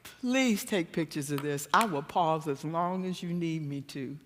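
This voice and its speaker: A woman giving a church seminar talk, telling stories animatedly and jumping to a high voice when she acts out quotes. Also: a little slow, long reverb tail, a little hiss or hum. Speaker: guest speaker. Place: church hall.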